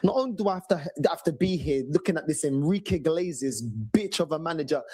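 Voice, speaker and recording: An irate man vents about his football club in a raspy, breathy voice. His pitch swings wildly as he stammers, swears and mocks. It is a casual heated rant. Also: lively intonation, fast, dark tone, dry recording. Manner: angry, profane, stammering, mocking impressions. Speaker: football fan ranting on a panel.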